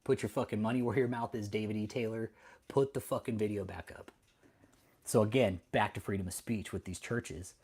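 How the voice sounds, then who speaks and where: A man's voice: lowish voice, steady tone, brisk, darkish tone, husky. A middle-aged man from Texas, hosting an angry, profane commentary rant full of defiance and swearing. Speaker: host.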